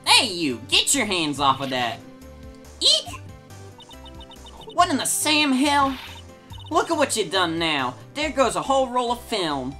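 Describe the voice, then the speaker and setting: A woman voicing a brash, touchy country woman photographer with a loud put-on drawl, reading game dialogue aloud. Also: fairly high pitch, huge pitch swings, slow, pauses often, faint music behind, voice pushed up, heavily acted. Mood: sassy scolding. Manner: forceful, indignant.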